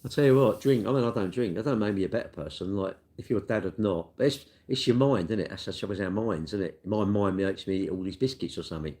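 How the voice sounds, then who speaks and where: A man's voice: lowish voice, quick pace, hardly any pauses, darkish tone. A middle-aged man, a car dealer chatting casually on a live stream and answering viewer comments in a rambling way. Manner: chatty, rambling, tag questions like "innit".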